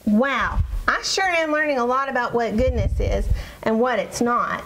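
High-voiced girl puppet teacher, encouraging, slight hiss behind, a woman doing it. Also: moderate pace, low-quality recording. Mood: friendly. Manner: bright, encouraging, storybook tone. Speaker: puppet presenter. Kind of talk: children's puppet show.

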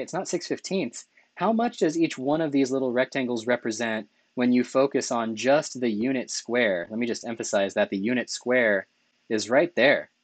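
A man's voice: mid-range voice, no room sound. Enthusiastic male math lecturer, dry close sound. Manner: enthusiastic, self-correcting, asks rhetorical questions with "right?". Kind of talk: recorded lecture over slides.

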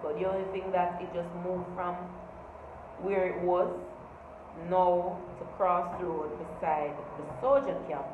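A woman's voice: on the low side, fairly even intonation, unhurried, background noise. A young Jamaican woman talking to her followers in a chatty, rambling vlog. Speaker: vlogger. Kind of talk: casual vlog talk. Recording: tinny phone-like audio in an echoey room.

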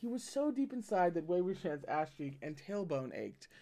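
A man reads a novel aloud in a casual way, stopping often for wry, joking asides. His voice sits a little high for a man. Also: big pitch swings, normal speed, mellow. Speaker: host reading a novel aloud. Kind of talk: casual read-aloud with commentary.

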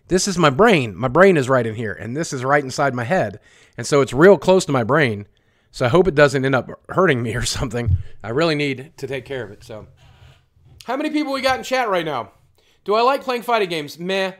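Casting: male streamer, voice sits a bit high, loose and rambling, blunt and profane, fields chat questions live. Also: very animated, brisk, a bit bright. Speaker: livestream host. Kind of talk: casual livestream chat.

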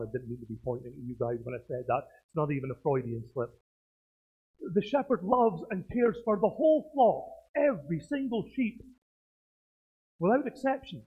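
Man, pastor, sermon, swooping lively pitch, joking asides, tinny phone-like sound. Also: husky. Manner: animated preaching with self-mocking jokes. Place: church. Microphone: speaking through a face mask.

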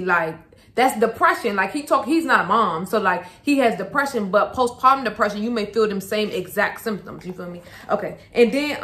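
A woman's voice: on the high side, a bit bright. A young woman and mother talking casually to camera in a vlog, full of slang, asides and "like"s. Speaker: vlogger, mother. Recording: echoey room.

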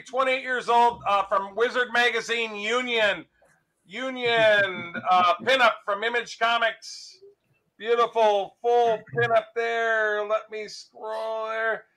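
A man with a high, very bright and forceful voice, pitching comic art for sale live. He talks in quick salesman patter and keeps repeating his prices. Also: steady tone, poor audio.

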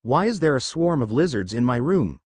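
A man's voice: medium pitch, sing-song, normal speed, darkish tone, breathy edge, no room sound. A man voicing a brash, blunt teenage boy ninja in a fan story reading who grumbles and teases.

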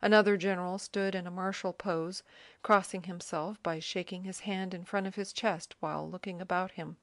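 A woman narrates a classic novel as an audiobook in a measured, even storytelling manner. Her voice is fairly low in pitch, with no room sound.

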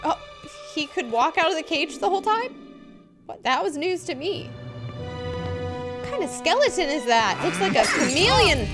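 Hosting a reaction video, a woman speaks at normal speed in a very high-pitched, sing-song voice, pausing often. She gasps, exclaims and gives ratings, easily moved by the clips, over loud music from them.

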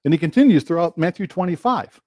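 A man with a notably high voice preaches a sermon in an animated way. He quotes scripture and acts out little exchanges of questions and answers. The sound is close and dry, with no room echo. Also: fast.

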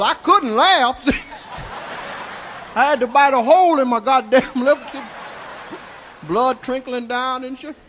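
A comedian playing a crude, rambling old Southern storyteller with a Southern US accent, drawling folksy tales on a live stand-up stage. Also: male voice, very high-pitched, a bit bright, a little hiss or hum. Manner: drawling, folksy, keeps tagging lines with "see?". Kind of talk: live stand-up character monologue.

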